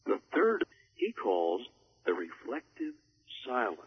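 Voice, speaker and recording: A man coaching on public speaking in a measured way, with deliberate pauses for emphasis. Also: mid-range voice, huge pitch swings, highs cut off, slight background noise. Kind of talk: instructional talk on a recorded program.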